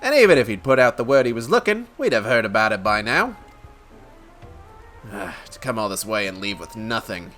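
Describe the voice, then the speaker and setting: A man voicing a cocky, rough-spoken male thug in a game with a loose put-on accent. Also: fairly low pitch, big pitch swings, moderate pace, fairly bright tone, faint music behind. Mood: gruff.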